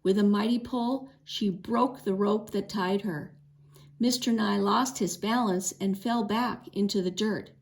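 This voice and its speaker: A woman reading a children's book chapter aloud, expressive, with a few small slips. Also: mid-range voice, a little slow, creaky. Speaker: read-aloud narrator. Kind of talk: storybook read-aloud.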